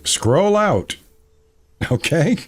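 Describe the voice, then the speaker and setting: A man's voice: fairly high pitch, very animated, extremely slow, breathy edge. A man streaming a game, chatting with his viewers and easily exasperated as he plays. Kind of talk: casual gameplay commentary.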